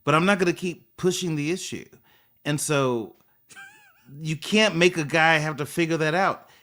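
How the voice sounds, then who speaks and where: Male podcast co-host with a bright voice; casual, animated, acts out little scenes. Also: fairly high pitch, moderate pace. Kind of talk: casual chat.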